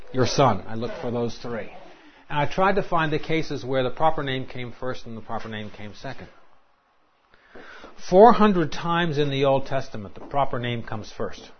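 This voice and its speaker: A man lecturing a class on scripture, asking rhetorical questions and quoting verses with emphasis. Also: medium pitch. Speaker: Bible teacher. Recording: dull lo-fi recording.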